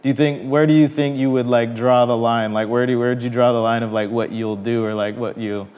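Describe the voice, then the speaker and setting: A man's voice: mid-range voice, steady tone, brisk, dull audio. A man hosting a casual interview in a laid-back, slangy way. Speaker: interviewer, host. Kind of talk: casual chat.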